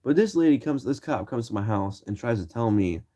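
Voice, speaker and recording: A young man from Ohio, a streamer telling loose, profane stories to his viewers in casual chat and acting out shouted lines. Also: medium pitch, animated, fairly quick. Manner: loose, swearing, acts out quoted shouts. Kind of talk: casual storytelling.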